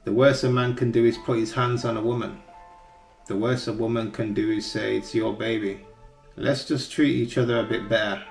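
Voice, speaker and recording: A man's voice: mid-range voice, steady tone, a little fast, creaky, reverberant, faint music behind. A man hosting a reaction commentary, speaking earnestly and giving advice on relationships. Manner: earnest, advising tone. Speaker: commentary host.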